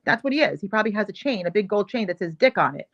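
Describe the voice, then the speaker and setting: A woman's voice: medium pitch, lively intonation, very fast. Indignant female host, emphatic and repetitive, slightly muffled lo-fi stream sound. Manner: indignant, emphatic, repeats herself. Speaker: show host. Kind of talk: heated commentary on video clips.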